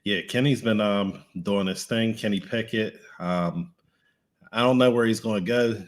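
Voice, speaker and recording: A man's voice: on the low side, measured pace. A man co-hosting a casual talk show, easygoing and chuckling, often restarting his phrases. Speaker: podcast co-host. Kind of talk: casual chat.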